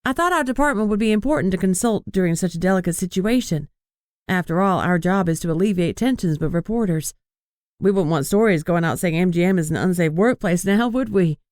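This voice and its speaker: A man's voice: high-pitched, a little fast, no echo, clean studio sound, lightly acted. A narrator voicing a confident young woman publicist who talks politely and with poise. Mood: poised.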